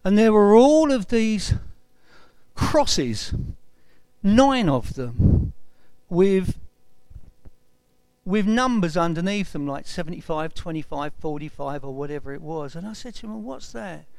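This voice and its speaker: A man's voice: high-pitched, measured pace, clean tone, no echo. A man in his sixties tells a personal testimony and acts out the dialogue as he recounts it. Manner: retells events with lively quoted dialogue.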